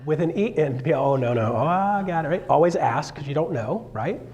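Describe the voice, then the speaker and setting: A man's voice: a little high, animated, moderate pace, darkish tone, highs cut off. A middle-aged man coaching a live seminar, joking and acting out the voices of clients as he goes. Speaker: real estate coach.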